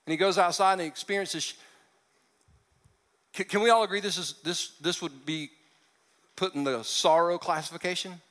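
A male pastor preaching a sermon, animated and joking, acting out the characters as he tells the story. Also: sits high, moderate pace, pauses often, in a large hall. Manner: animated, joking asides, acts out quotes.

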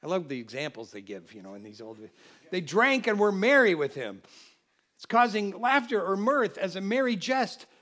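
A man from the United States preaching a Christmas sermon, animated, swinging between loud exclamations and quiet asides. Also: high voice, moderate pace.

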